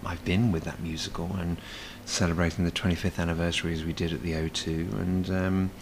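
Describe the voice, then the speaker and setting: A man's voice: sits low, little pitch movement, brisk, noisy background. A man, a stage performer, chatting as a guest in a casual cafe interview, rambling with many fillers and restarts.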